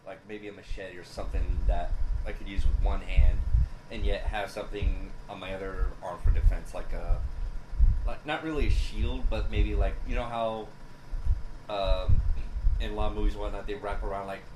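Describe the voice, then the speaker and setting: A man's voice: lowish voice, steady tone, moderate pace. A young man in casual podcast chat, hesitant and full of fillers. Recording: echoey room with background noise.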